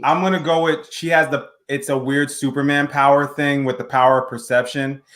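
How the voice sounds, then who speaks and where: A man with a mid-range voice, chatting casually on a podcast. He speculates in an easygoing, relaxed way. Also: medium pitch, fairly quick.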